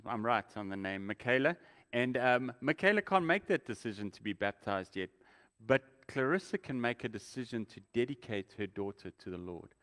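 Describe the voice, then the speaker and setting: Chatty pastor in a hall. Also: male voice, mid-range voice, lively intonation, normal speed, fairly bright tone. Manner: chatty, welcoming, restarts sentences often. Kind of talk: casual church announcements and sermon. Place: church sanctuary. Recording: long reverb in a large hall.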